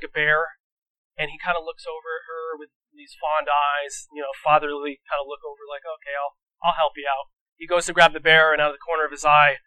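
A man's voice: a little high, bright, forceful tone, no room sound, rough recording. A man preaching a casual sermon, telling stories in a rambling, conversational way with many restarts.

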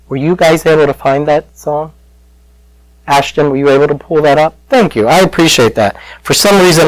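A man's voice: fairly high pitch, no echo, low-quality recording. A man preaching a sermon to his congregation, telling the story conversationally and calling out to the listeners. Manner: conversational, animated storytelling with audience call-outs. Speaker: pastor.

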